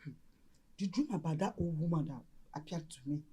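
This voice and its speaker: An actress playing an excitable middle-aged Nigerian mother who exclaims loudly and slips into Igbo, with a Nigerian accent. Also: sits low, fairly quick, slightly rough. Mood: uneasy. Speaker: actress in a film. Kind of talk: Nollywood film acting.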